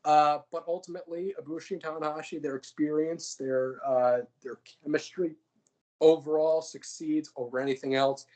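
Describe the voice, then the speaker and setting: A man's voice: a little high, steady tone, normal speed, dark tone, low-quality recording. Rambling young man recapping wrestling. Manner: rambling, joking, heavy fillers. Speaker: podcast co-host. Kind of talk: casual fantasy booking recap.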